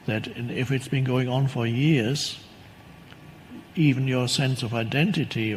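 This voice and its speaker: A man giving a reflective spoken teaching talk as a spiritual teacher, unhurried and thoughtful. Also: mid-range voice, slight background noise, rough recording. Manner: unhurried and reflective, acts out quoted voices.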